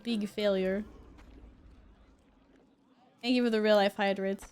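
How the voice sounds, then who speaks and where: A woman's voice: mid-range voice, steady tone, takes it slowly, a little mellow, clean tone. A woman streaming a game, chatting casually with her viewers, laughing often and swearing now and then. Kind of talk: casual gameplay commentary.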